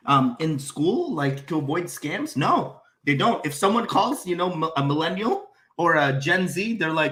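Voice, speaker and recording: Co-host type: a man with a bright, slightly high voice, animated storyteller in casual chat. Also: moderate pace, hardly any pauses. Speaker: podcast co-host.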